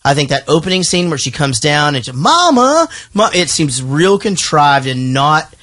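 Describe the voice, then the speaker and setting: A man's voice: a little high, normal speed, fairly bright tone. A man hosting a podcast in casual chat. He rambles and swears freely. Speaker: podcast host.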